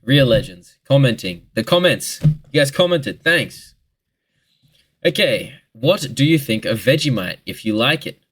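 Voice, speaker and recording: A man's voice: mid-range voice, sing-song, a little slow, husky. A twenty-year-old Australian man answering viewer questions in a rambling, joking casual chat, swearing freely.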